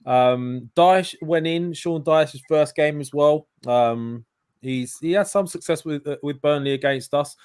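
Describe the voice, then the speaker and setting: A man's voice: fairly high pitch, a little slow, a little mellow, clean tone, no echo, studio quality. A man, hosting a casual online football show over a video call, loose and chatty. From England. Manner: chatty, loose, laughs at own slips. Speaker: podcast host.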